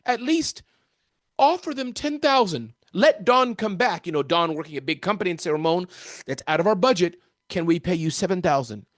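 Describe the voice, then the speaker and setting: A high-pitched American man answers interview questions with lively, animated energy, like a seasoned keynote speaker, and often calls the interviewer by name. His voice sounds dry and close, with no room or echo.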